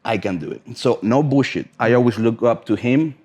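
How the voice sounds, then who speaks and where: A man with a medium-pitched, darkish voice and a non-native accent talks fairly quickly as a podcast guest and brand ambassador. The chat is casual, but he's blunt and emphatic, swearing freely as he tells his stories.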